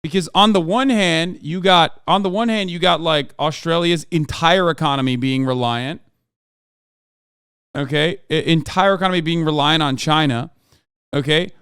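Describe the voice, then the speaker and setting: A man's voice: a little high, normal speed, clean tone, no echo, studio quality. A man hosting a live stream, reacting to political clips in casual, profane, slangy commentary. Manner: animated, profane, slangy, addresses chat as bro. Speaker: streamer host.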